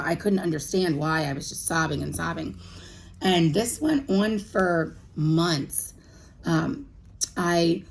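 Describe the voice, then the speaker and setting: Emotional, halting woman with a low voice. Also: a little hiss or hum, rough recording. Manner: halting, full of ums and restarts, emotional. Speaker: vlogger. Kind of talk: candid personal chat to camera.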